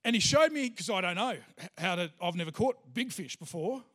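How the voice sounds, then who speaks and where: High-voiced pastor preaching. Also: male voice, animated, normal speed, pushed and bright. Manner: chatty storytelling, many fillers. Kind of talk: sermon with personal story.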